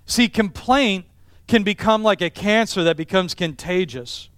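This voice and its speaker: A middle-aged man delivers a sermon as pastor, his voice pitched high and sounding smooth and resonant. He builds his points through emphatic repetition, and the sound is dry and close. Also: a little slow, a bit bright, dry recording. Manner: emphatic, repetitive preaching cadence.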